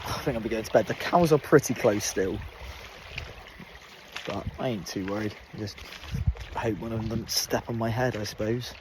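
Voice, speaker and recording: A man's voice: lowish voice, normal speed, long pauses, noisy background. A young man vlogging casually outdoors on a moor while camping, laid-back, jokey and full of swearing. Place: outdoors on open moorland, camping.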